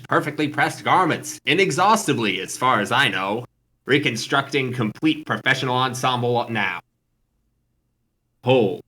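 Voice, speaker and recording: A man's voice: mid-range voice, sharp tone. A man reading a stiff formal father's clipped notes aloud on stream. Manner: clipped, telegram-like formal phrasing.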